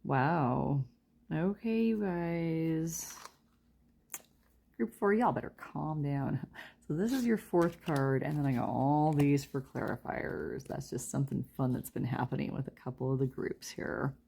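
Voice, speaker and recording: A young woman talks through a tarot reading in a relaxed, chatty way and laughs often as she addresses her viewers. Her voice sits low in pitch and has a gravelly fry running through it. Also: a little slow. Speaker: tarot reader. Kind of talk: casual pick-a-card tarot reading.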